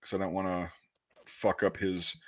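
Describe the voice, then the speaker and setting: A man's voice: sits low, flat delivery, moderate pace. A man in his thirties telling profane, rambling army stories in casual chat. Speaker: podcast host. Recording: dull lo-fi audio.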